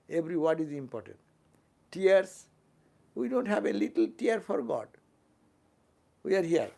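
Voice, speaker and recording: Older man, indian english accent, sermon, gravelly, fairly high voice, fervent, questioning. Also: a little mellow. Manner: fervent, asks the listeners questions, quick tag-questions. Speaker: monk giving a spiritual talk.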